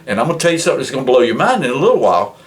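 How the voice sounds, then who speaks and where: A man gives a casual, rambling, folksy guitar lesson, counting frets and often restarting his sentences. His mid-range voice is sing-song and rapid-fire, with guitar playing loud behind him.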